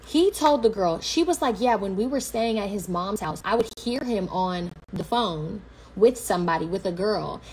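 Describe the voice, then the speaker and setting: Young woman, livestreaming a story, animated and profane, mid-pitched voice. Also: normal speed, slight background noise. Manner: animated, blunt, slangy and profane.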